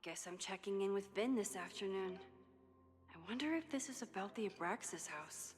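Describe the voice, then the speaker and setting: An actress voicing a wry, introspective young woman photographer in a video game, in quiet reflective inner monologue. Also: mid-range voice, normal speed, in a large hall, soft background music, lightly acted. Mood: musing.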